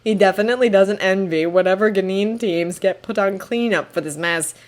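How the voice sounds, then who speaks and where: A woman narrating a fan-written story as an expressive audiobook reading. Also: mid-range voice, a little fast. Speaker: fanfiction reader.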